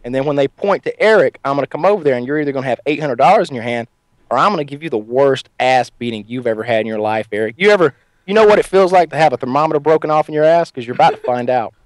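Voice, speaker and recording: A man's voice: mid-range voice, expressive, rapid-fire, no echo, close to an everyday voice, low-quality recording. Guy putting on a mad redneck prank caller, threatening in a folksy drawl, dry close sound. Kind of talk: prank phone call.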